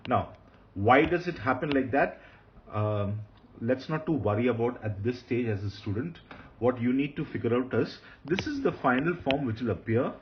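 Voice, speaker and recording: A man teaching Hebrew grammar in a recorded lecture, patient, repeating key points and often pausing with fillers. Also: mid-range voice, expressive, lo-fi sound, a little hiss or hum.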